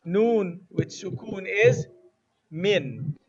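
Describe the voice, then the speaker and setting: A man teaching an Arabic lesson to a class, asking questions and having students repeat words after him. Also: high voice. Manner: slow, asks students questions and has them repeat words. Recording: dull lo-fi classroom recording with faint noise.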